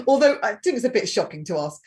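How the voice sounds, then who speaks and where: A woman hosting an interview, expressive and laughing often. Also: medium pitch. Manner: giggly, expressive. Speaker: host. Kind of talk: casual interview chat.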